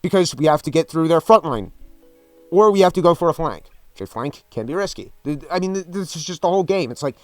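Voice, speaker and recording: A man's voice: a little high, animated, quick pace, darkish tone, no room sound, faint music behind. A man ranting about a video game in a vlog, profane, exasperated and repetitive. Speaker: gaming commentator.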